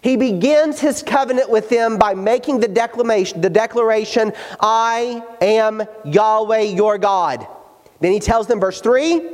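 A pastor preaching a sermon, earnest and emphatic, slowing down to stress the scripture he quotes. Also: high-pitched, darkish tone. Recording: hall reverb.

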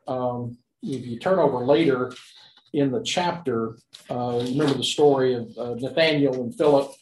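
Male Bible teacher, mid-range voice, halting and filler-heavy, echoey room. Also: mid-range voice, slight background noise. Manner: halting, frequent fillers and restarts, rhetorical questions. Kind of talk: unscripted Greek grammar lecture.

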